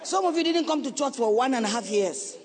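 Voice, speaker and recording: A middle-aged woman pastor preaching a sermon, earnest and pleading, at times sinking into a soft, slow voice. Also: sits high, expressive, a faint crowd. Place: church sanctuary. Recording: long reverb of a large hall.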